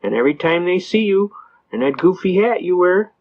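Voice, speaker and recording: A man giving a fast-talking, folksy anecdotal lecture full of colloquial storytelling. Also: sits high, lively intonation. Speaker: speaker giving legal advice. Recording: muffled lo-fi recording.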